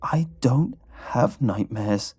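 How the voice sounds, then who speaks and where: A man voicing a frightened young female sleep-study patient who speaks in halting, broken phrases. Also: low-pitched, lively intonation, dark tone, husky, no room sound, pitched above the performer's own voice, heavily acted. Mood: whispered intense. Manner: halting, breathless, with broken restarts. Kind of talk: storybook horror narration.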